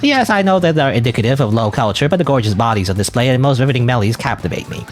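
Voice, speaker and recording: A man's voice: medium pitch, animated, very fast, soft background music, lightly acted. A man voicing a pompous game customer who speaks in theatrical, old-fashioned flourishes.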